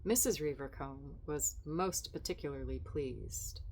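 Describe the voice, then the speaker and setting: A woman with a lowish voice hosts a book podcast from home, talking slowly and unhurriedly. She drifts through loose, rambling asides before settling into reading a story aloud. A faint hiss sits under her voice. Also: a little mellow.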